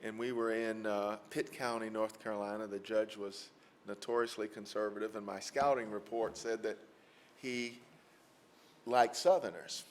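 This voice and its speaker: Folksy lawyer with a low voice. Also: male voice, steady tone, normal speed, slight background noise. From Mississippi. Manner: folksy, anecdotal, frequent fillers. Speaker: lecturer, environmental lawyer. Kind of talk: storytelling lecture answer. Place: lecture hall with audience.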